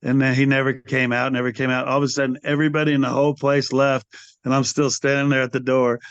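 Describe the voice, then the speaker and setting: A man in his sixties, a guest on an interview podcast, telling stories in a casual, animated way and acting out the people he quotes. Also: medium pitch, fast talker, smooth, no room sound. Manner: animated storyteller who acts out quoted people, calls the host brother. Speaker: interview guest, metal singer. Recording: dry, slightly dull podcast audio.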